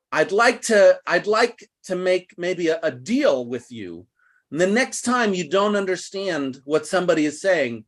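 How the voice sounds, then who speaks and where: A man teaching an online English class over a video call, explaining slowly and patiently. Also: on the high side, fairly bright tone. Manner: patient, slow, deliberate explaining.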